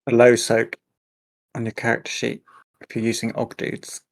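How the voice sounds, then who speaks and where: A man of middle pitch joins a tabletop game as a player. He talks loudly and in an animated way, cutting in across the table. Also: moderate pace, gravelly.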